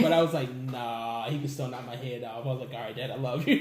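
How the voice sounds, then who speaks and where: A man telling stories as a guest in a casual interview, animated, laughing often and acting out what people said. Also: mid-range voice, brisk, a crowd in the background. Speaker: musician guest. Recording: echoey room with faint background noise.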